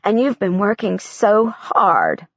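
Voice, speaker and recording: A woman voicing a gentle, concerned female teacher whose voice goes high and shaky with worry, in an audiobook. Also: huge pitch swings, takes it slowly, dry recording, highs cut off, exaggerated voice.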